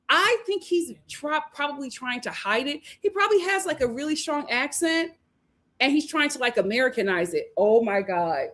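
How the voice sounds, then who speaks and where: A woman hosting a casual livestream, reading viewer comments aloud, animated and laughing often as she talks. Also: sits high, moderate pace. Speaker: host of a reality TV review livestream.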